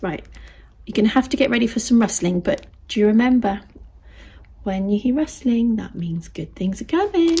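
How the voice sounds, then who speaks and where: A British woman vlogging casually as she shows craft items to the camera. She chats easily and often drops into soft, half-whispered asides. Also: on the high side, expressive, moderate pace, background noise. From United Kingdom.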